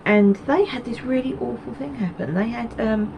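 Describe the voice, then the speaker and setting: A woman's voice: fairly high pitch, moderate pace, vocal fry, highs cut off, background noise. A woman from Essex, hosting a knitting video podcast in a rambling, chatty way with many ums and asides. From Essex, England. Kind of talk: casual chat to camera.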